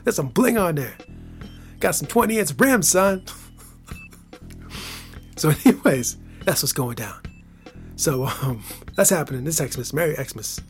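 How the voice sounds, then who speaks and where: A man from Michigan with a Michigan accent, hosting a podcast in a playful casual monologue, laughing often and dropping from loud hype to near whispers. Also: medium pitch, big pitch swings, unhurried, pauses often, faint music behind. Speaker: podcast host.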